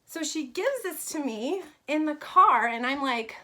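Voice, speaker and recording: Bright, chatty woman vlogger. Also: sits high, expressive, unhurried. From New York. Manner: chatty, warm, many fillers and "right?". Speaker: fashion brand owner. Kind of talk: casual vlog storytelling.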